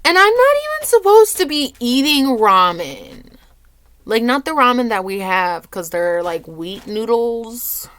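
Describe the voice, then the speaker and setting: A young woman vlogging at home, low and teary, rambling with lots of "like". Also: big pitch swings, a little slow, a bit bright, no echo. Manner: rambling, says "like" often. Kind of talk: casual confessional vlog.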